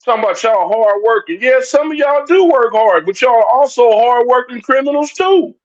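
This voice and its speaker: A man's voice: extremely high pitch, moderate pace. A man giving a heated, confrontational livestream rant, talking straight at his chat and repeating his points. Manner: confrontational, repetitive, addresses chat directly. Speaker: livestream commentator. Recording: dull lo-fi stream audio.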